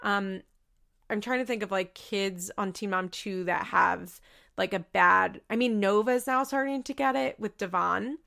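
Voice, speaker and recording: A young woman talks through a reality show recap in loose, rambling casual chat, peppering her sentences with "like" and restarting her thoughts. Her voice sits at a middle pitch with a strong vocal fry, and she comes across as openly emotional and quick to laugh. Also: fairly bright tone. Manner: chatty, rambling, full of "like" and self-corrections.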